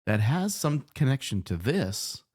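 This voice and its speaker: Playful middle-aged man with lively pitch. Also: unhurried, breathy edge. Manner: playful, teasing. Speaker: podcast co-host. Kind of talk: casual chat.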